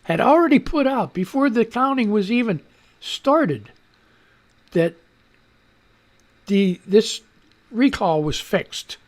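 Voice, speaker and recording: A man's voice: sits high, lively intonation, slow pace, pauses often. A man hosting a live radio stream, rambling through casual news commentary with frequent swearing, restarts and stumbles over his words. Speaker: radio show host.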